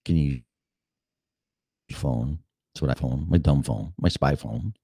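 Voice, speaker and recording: A man in his fifties hosts a podcast, delivering a casual monologue that rambles, swears, and gets blunt. His bass voice is gravelly, mellow, and slightly rough, moving a little slowly. The sound is clean studio quality with no room echo.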